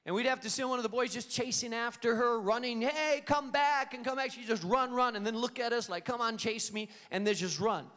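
A man preaching a sermon to an auditorium, telling a story and acting out the quoted lines with lively energy. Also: extremely high pitch, fast, hardly any pauses. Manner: storytelling, animated, acts out quotes. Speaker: pastor. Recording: long reverb of a hall.

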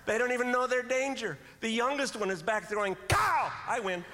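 A man with a high, light voice performs stand-up comedy on a live stage, throwing in sound effects and quick voices. The hall rings with a long reverb, and the audience is clearly heard around him. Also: heavy background noise.

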